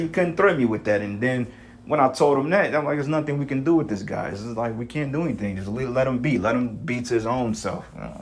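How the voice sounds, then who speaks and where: Male commentator, lower voice, heated profane talk, faint noise behind. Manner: profane and heated, slangy, many fillers. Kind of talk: casual monologue commentary.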